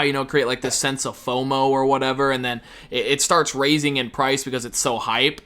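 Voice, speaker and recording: A man delivers sarcastic reaction commentary in a bright, sharp voice. He talks in a casual, profane way, throwing in mocking asides as he reacts. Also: medium pitch, steady tone, a little fast, hardly any pauses. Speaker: commentary YouTuber.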